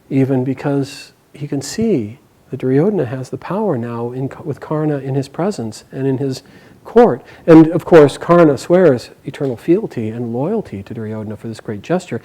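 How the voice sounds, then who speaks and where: A man telling an epic story live, animated and dramatic, sometimes correcting himself. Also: a little high, low-quality recording.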